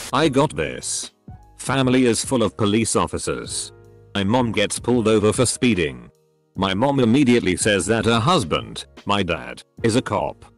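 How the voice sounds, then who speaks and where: Lively low-voiced male story narrator. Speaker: narrator reading online stories. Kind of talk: scripted narration.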